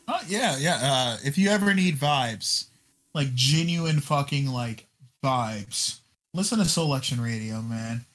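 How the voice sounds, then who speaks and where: A man co-hosting a casual music podcast talks in a loose, slangy way. He fills his sentences with "like" and "you know" and curses freely. His voice sits at an ordinary middle pitch. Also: lively intonation, measured pace, fairly bright tone. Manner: loose, slangy, full of fillers and cursing. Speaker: podcast co-host. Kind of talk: casual chat.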